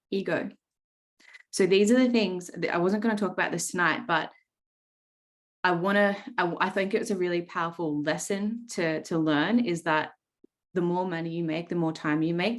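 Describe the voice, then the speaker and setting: An Australian woman in her thirties runs a live coaching call, speaking bluntly and swearing without pause. Her voice sits low and deep, and she keeps tagging her points with "right?" to pull the group in. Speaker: trading coach. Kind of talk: live coaching session talk.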